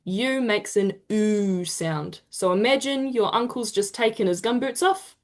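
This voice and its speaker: Kiwi woman teaching vowel sounds over a video call, upbeat and encouraging, drags out the example sounds. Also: a little high. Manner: encouraging, drawn-out demonstration sounds. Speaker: te reo Māori workshop presenter. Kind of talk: online teaching session.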